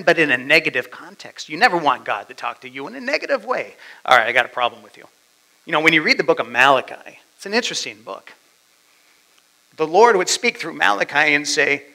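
A male pastor preaching a sermon, dramatically swinging between loud declarations and hushed asides. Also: a little high, vocal fry, rough recording.

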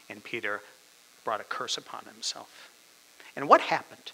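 Dramatic gravelly male preacher. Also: on the low side, moderate pace, long pauses, poor audio. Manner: dramatic, swings from loud to whispered. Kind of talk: sermon.

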